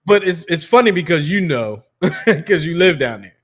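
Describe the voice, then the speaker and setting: A man's voice: fairly high pitch, lively intonation, moderate pace. A man hosting a sports podcast in a loose, chatty way, with lots of fillers and restarts. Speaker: podcast host. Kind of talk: casual sports chat.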